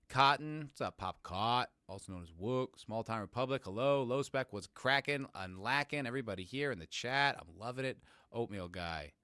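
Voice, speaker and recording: Bright, crisp-voiced man hosting a podcast. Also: mid-range voice, no echo, studio quality. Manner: rambling, joking, greets chat viewers by name. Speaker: podcast host. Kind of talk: casual live-stream chat.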